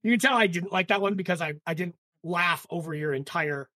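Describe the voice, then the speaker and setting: A woman's voice: fairly low pitch, a little fast, fairly bright tone, dry recording, clean studio sound. A woman co-hosting a book podcast in casual chat, full of "like" and restarts. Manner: chatty, lots of "like" and restarts. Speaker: podcast co-host.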